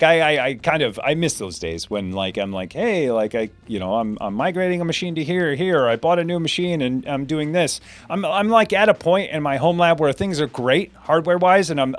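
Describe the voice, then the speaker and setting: Lively rambling American man, dry sound. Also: mid-range voice, no room sound. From United States. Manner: rambling, lots of restarts and fillers, laughs often. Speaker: host. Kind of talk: live Q&A chat reading viewer comments.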